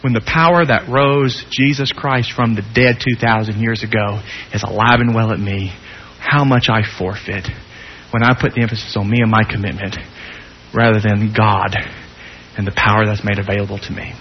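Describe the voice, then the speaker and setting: A male preacher giving a sermon with rhetorical questions, swinging between loud and hushed delivery. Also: on the low side, fairly even intonation, moderate pace, highs cut off, a little hiss or hum.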